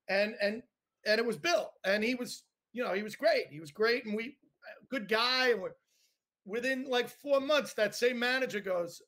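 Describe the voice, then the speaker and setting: A man's voice: very high voice, normal speed, fairly bright tone. An older man hosting a podcast, telling stories with lots of swearing and laughter. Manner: laughing, profane storyteller. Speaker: podcast host, comedian. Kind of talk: casual podcast chat.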